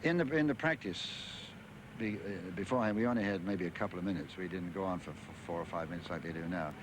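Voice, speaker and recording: A man's voice: low voice, fast talker. An older English man, a former tennis champion, recalling his career in a rambling interview full of fillers and restarts. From England. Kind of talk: interview reminiscence. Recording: archive interview with clear background noise.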